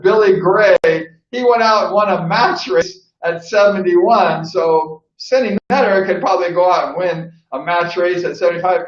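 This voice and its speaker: A man's voice: sits high, muffled recording. Rambling man vlogging in an echoey room. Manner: rambling, heavy on fillers like "like" and "you know". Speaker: vlog host and former speedway rider. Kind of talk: casual storytelling.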